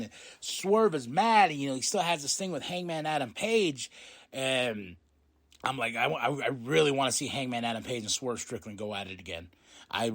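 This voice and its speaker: A man hosting a podcast, casually recapping a show, excitable, laughing often and swearing freely. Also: mid-range voice. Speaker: podcast host.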